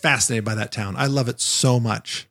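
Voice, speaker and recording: A man's voice: medium pitch, steady tone, moderate pace, vocal fry, fairly bright tone. A man co-hosting a podcast, telling a long story in casual chat and acting out the quotes as he goes. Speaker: podcast co-host, former Jungle Cruise skipper.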